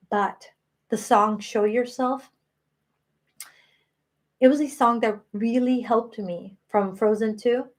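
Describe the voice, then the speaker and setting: A woman in her late thirties hosting a live stream, talking earnestly and emotionally about self-worth. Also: fairly high pitch. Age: 30s. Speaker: spiritual channel host.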